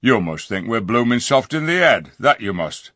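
A black-bearded dwarf, surly and full of scorn, jeering in a rough, common way, as a man puts him on. The voice sits a little above the reader's own and pushes louder, with a husky grain in a dry, close recording. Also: medium pitch, very animated, moderate pace, no echo, voice pushed up. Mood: sneering. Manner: gruff, jeering, working-class speech.

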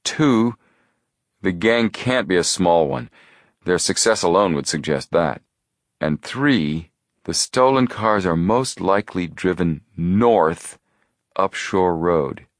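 A man voicing a calm, methodical teenage detective boy who explains his reasoning in a measured way. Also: low-pitched, dry recording, studio quality.

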